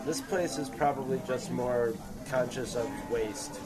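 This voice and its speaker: A podcast host chats casually outdoors at a public market, rambling through his points with many restarts while crowd chatter surrounds him. His voice is mid-range and a little slow.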